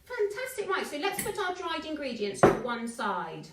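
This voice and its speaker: A woman's voice: sits high, very animated, moderate pace, very noisy. A woman running a live online baking class, chatting and greeting viewers by name as she mixes. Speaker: baking teacher. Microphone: phone. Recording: echoey room, distant mic.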